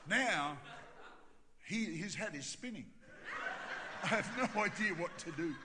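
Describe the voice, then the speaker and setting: Aussie pastor guy telling a funny story, high bright voice, echoey big church hall. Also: moderate pace, background noise. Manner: animated, self-mocking humorous storytelling. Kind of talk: storytelling sermon. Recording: reverberant hall with faint ambience.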